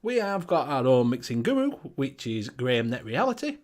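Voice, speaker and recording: Lively swearing man hosting. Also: medium pitch, normal speed. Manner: swearing, laughing, energetic. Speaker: show host. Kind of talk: casual livestream chat.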